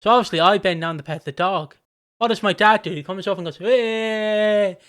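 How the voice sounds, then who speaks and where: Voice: medium pitch, fast talker. Giggly podcast co-host. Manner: giggly, animated anecdotes, mimics voices. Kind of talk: casual podcast chat.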